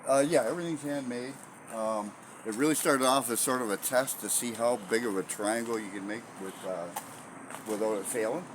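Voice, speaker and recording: A man, an inventor guest, talking earnestly and haltingly with many fillers. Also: medium pitch, noisy background. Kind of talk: casual interview chat.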